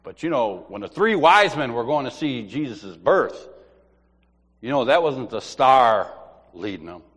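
A man's voice: mid-range voice, big pitch swings, a little slow, a bit bright, husky, full character voice. A man voicing a know-it-all male coworker with alien theories, speaking in a matter-of-fact, insistent way. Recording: long hall reverb.

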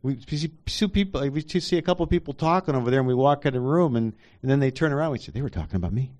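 A man's voice: a little high, fast, darkish tone. A man in a casual church group discussion, rambling with many fillers and acting out quotes.

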